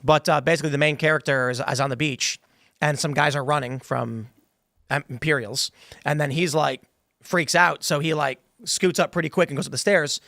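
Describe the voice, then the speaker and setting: A man hosting a casual panel talk show, who tells animated stories and acts out the quotes. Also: a little high, moderate pace, creaky, dry recording, studio quality. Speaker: podcast host.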